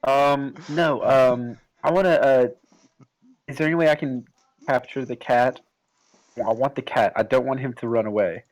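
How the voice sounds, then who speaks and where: A man playing a tabletop game, excitable and stumbling over his words with lots of ums. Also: medium pitch, normal speed. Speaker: player.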